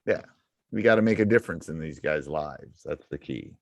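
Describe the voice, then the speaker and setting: A man's voice: very deep voice, animated, moderate pace, gravelly. A middle-aged man, a basketball coach hosting a podcast, giving casual advice in an emphatic, repetitive way. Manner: emphatic and repetitive, hammering points home.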